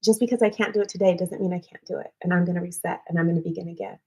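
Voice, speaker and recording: A woman's voice: fairly low pitch, steady tone, racing, a little mellow. Woman, livestream wellness host, casual and earnest, repeats herself for encouragement. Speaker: host of a weekly live wellness show. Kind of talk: casual motivational livestream talk.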